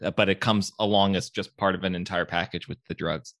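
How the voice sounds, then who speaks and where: A man's voice: low voice, fairly even intonation, fairly quick, a bit bright, no echo, clean studio sound. A man co-hosting a podcast in a casual film discussion, talking thoughtfully and repeating words as he thinks. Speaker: podcast co-host.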